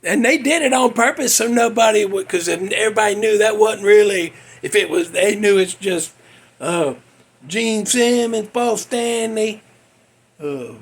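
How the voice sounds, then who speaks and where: A man's voice: sits high, slightly rough. A man, ranting bluntly in a folksy way as a podcast host. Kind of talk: casual monologue.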